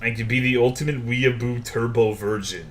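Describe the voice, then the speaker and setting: A young man with a steady, mid-range voice streams a game at a moderate pace. He chats casually with viewers, swears often, jokes around, and reads chat aloud.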